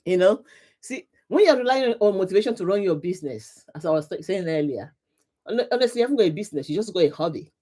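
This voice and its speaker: Quick and lively in intonation, a middle-aged woman with a mellow, fairly low voice hosts a live motivational stream as a coach. She greets her viewers with plenty of laughter, speaking emphatically and repeating herself often.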